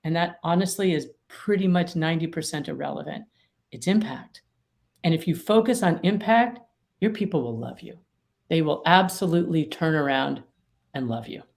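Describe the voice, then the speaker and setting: A woman's voice: low-pitched, animated, normal speed, gravelly, darkish tone. A middle-aged woman, an attorney mediator and author, explaining her ideas emphatically with vivid everyday examples in an interview. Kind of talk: interview conversation.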